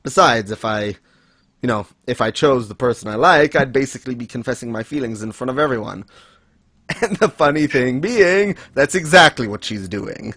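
A man co-hosting a casual chat, laughing often and acting out characters in high voices. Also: lively intonation, normal speed, fairly bright tone, no room sound. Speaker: podcast co-host discussing manga.

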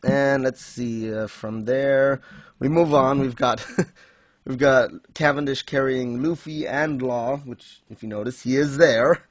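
A man's voice: mid-range voice, steady tone, slow pace. A man hosting a casual recap chat, laughing often and acting out quotes. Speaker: podcast host.

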